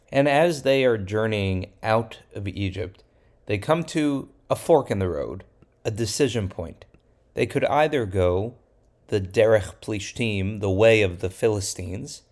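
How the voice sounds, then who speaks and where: A man, a rabbi, retelling a Bible story for children in a lively, playful way. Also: fairly low pitch. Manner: lively storyteller, plays characters in quotes.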